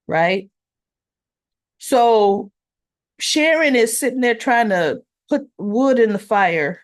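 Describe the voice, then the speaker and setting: A woman's voice: fairly high pitch, lively intonation, slow pace, pauses often. A woman hosting a casual recap vlog, retelling scenes as quoted back-and-forth dialogue with chatty asides to viewers. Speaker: soap opera recap host.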